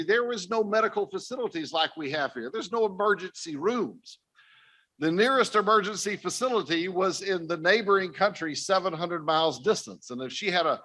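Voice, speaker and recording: A man's voice: sits high, pushed and bright. An older man giving an earnest personal testimony talk to a conference audience, speaking directly to his listeners. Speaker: missionary speaker. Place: conference stage.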